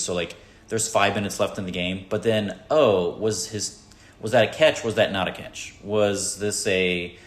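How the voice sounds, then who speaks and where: A man hosting a casual podcast, joking around and talking in halting stops and restarts. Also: low-pitched. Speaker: podcast host. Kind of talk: casual chat. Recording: roomy echo.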